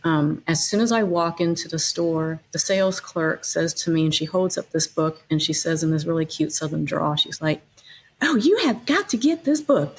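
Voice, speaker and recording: A middle-aged woman talks through her own story as a podcast guest. Her voice sits somewhat low, and her delivery is conversational, full of fillers and small restarts. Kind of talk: personal storytelling in interview.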